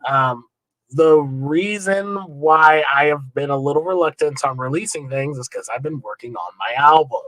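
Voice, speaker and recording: A man's voice: on the high side, normal speed, a bit bright, no room sound, low-quality recording. A man talking as an easygoing music producer guest in a casual interview, with frequent repeats and fillers. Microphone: remote call setup.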